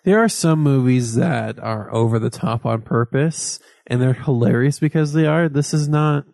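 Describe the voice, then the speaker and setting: A man co-hosting a podcast, dropping dry, understated remarks into casual chat. His tone is mellow and dark, recorded close and dry. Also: medium pitch, normal speed, creaky, no echo. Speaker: podcast co-host.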